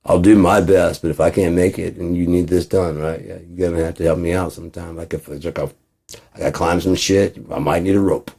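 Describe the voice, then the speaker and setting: A man's voice: low voice, fairly even intonation, a little fast, gravelly, dark tone, breathy edge. A man rambling in a casual monologue, profane, acting out both sides of imagined conversations. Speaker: channel host.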